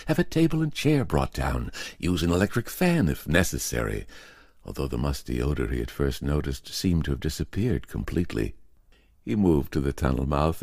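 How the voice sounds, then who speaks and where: A man narrating a horror story in a measured, expressive storytelling voice. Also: very deep voice, no room sound, studio quality.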